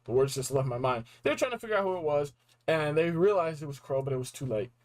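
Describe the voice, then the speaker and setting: A young man with a fairly high voice recaps a video game story. He is excited and casual, with lots of slang and acted-out reactions. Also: fast talker, rough recording. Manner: animated, slangy, acts out reactions. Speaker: game reviewer.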